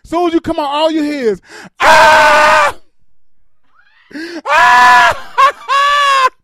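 A man doing stand-up comedy on a club stage, telling loud, animated stories with shouted bits, then chatting in an interview. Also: very high-pitched, fast, slight background noise.

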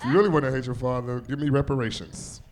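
A man's voice: mid-range voice, fairly even intonation, quick pace, natural voice. A man doing a brash, crude comedy bit on a talk show, laughing between lines. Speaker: comedian doing a recurring character segment. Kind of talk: loud stand-up style comic bit.

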